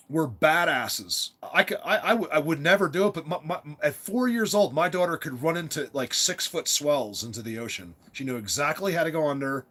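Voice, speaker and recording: Man, somewhat high voice, talking off the cuff: emphatic, stumbles and repeats himself, casual storytelling. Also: fairly bright tone. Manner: emphatic, repeats words and restarts often. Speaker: father telling a personal story. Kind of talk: rambling casual storytelling monologue.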